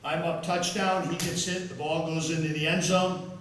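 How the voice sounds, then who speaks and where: A man's voice: a little high, little pitch movement, moderate pace, a bit bright, slight background noise. An older man giving an after-dinner speech as a football official, telling self-amused stories and often repeating words. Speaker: guest speaker and football official. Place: large members' dining room. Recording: echoey hall, voice from far off.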